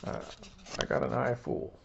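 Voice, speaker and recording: A man putting on a low, folksy old-man voice as a leering character named Bill. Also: normal speed, highs cut off, noisy background, close to an everyday voice.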